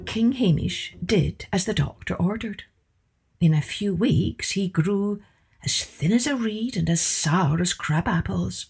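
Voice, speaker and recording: Woman reading a storybook aloud, slow and lively. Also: mid-range voice, creaky, breathy edge, faint music behind. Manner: expressive, rhythmic read-aloud. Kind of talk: reading a picture book aloud.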